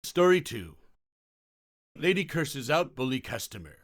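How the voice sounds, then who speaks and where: A man's voice: medium pitch, big pitch swings, measured pace, no room sound, clean studio sound. A man narrating retail stories from an online forum in a scripted reading style.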